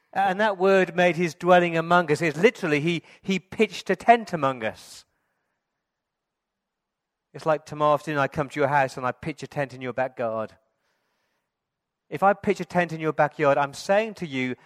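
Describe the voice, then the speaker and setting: A man who is a pastor, giving a Christmas sermon, telling stories and building to loud, emphatic preaching. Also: fairly high pitch, normal speed, long pauses.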